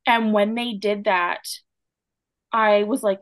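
A woman's voice: medium pitch, fairly even intonation, slow, no echo. A woman in her twenties from Canada, a nurse, telling her personal story as a podcast guest in an earnest, emotional way. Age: 20s. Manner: earnest, emotional retelling with quoted dialogue.

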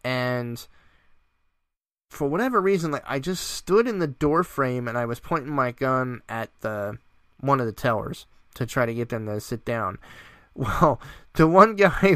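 A man's voice: a little high, clean tone, no echo, clean studio sound. A man hosting a casual gaming podcast, telling a funny story with frequent laughter. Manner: laughs often, animated storytelling. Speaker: podcast host.

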